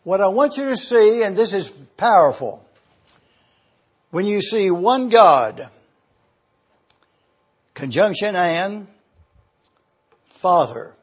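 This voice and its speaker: A man with a high, husky voice preaches at an unhurried pace. He lays out each word with emphatic pauses, like a teacher walking through a text. The recording is dull and lo-fi. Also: lively intonation. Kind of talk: sermon.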